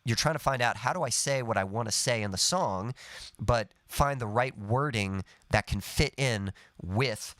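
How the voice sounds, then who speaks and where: A man of middle pitch teaches songwriting on a live stream and explains things patiently. He hums and sings little melody snippets as examples. The sound is close and dry, with no room around it. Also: moderate pace, fairly bright tone, no room sound. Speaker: songwriting coach.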